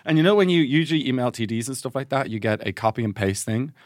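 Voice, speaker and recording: Relaxed man rambling through a story. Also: medium pitch, no echo, clean studio sound. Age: young adult. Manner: relaxed, halting storyteller with fillers. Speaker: podcast co-host. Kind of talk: casual chat.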